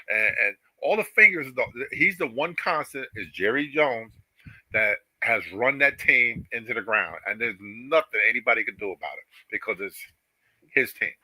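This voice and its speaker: A man's voice: medium pitch, a little fast, pushed and bright, dry recording, poor audio. A man co-hosting a sports podcast, chatting casually and peppering his talk with "you know". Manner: conversational, heavy use of "you know". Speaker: podcast co-host.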